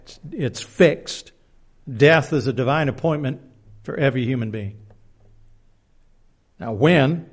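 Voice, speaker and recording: A man's voice: medium pitch, creaky. A man preaching a Bible lesson, reading verses aloud and adding plain-spoken personal asides, often restarting his words. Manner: reads scripture aloud, plain-spoken, self-deprecating asides. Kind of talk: Bible teaching sermon.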